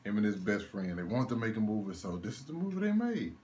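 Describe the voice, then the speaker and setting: Talking fast in a fairly low voice, a young man delivers an offhand single-take film review. He laughs, swears, and rants incredulously, with a little noise in the background.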